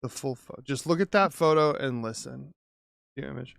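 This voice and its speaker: A man's voice: medium pitch, expressive, brisk, creaky, fairly bright tone, clear, resonant tone, dry recording, studio quality. A man co-hosting a casual podcast chat, joking and stumbling as he reads aloud. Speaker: podcast co-host.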